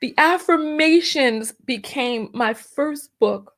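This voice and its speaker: A woman's voice: mid-range voice, a little slow. Emotional woman holding back tears. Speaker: vlogger and entrepreneur. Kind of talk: emotional personal vlog.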